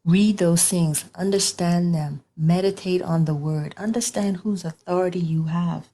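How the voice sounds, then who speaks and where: A woman's voice: lowish voice, steady tone, unhurried, dark tone. A woman giving an informal online sermon as a Bible teacher, conversational and repetitive, with colloquial grammar.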